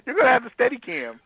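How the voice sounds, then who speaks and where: A man's voice: very high-pitched, husky, dry recording. Laughing man on a tinny phone line. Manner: animated, laughs often, trails off and restarts. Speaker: comedian guest. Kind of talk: casual phone interview chat.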